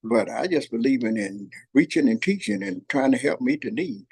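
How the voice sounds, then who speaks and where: An older man hosting, telling heartfelt family stories in an earnest, folksy way with a rough, husky voice. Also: mid-range voice, lively intonation, moderate pace, darkish tone. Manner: earnest, folksy, repeats phrases, voices his granddaughter in quotes. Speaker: host. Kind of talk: heartfelt storytelling chat. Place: workplace shop.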